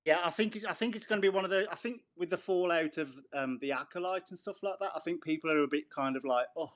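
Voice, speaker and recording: A man calling in to a live stream, talking casually and haltingly with many fillers. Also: a little high. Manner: hesitant, many fillers and restarts. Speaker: call-in guest. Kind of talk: casual call-in chat.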